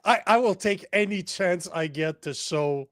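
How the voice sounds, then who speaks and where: A man co-hosts a casual political chat, blunt and heated, with plenty of swearing. His voice sits a bit high, and the sound is dry and close. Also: unhurried, fairly bright tone, no echo. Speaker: podcast co-host.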